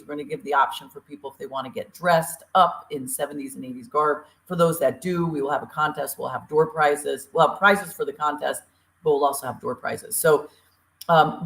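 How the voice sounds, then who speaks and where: Chatty upbeat woman hosting, echoey room. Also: low-pitched. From Eastern Tennessee. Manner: upbeat, chatty, with many fillers. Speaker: podcast co-host. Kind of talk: casual show opening and announcements.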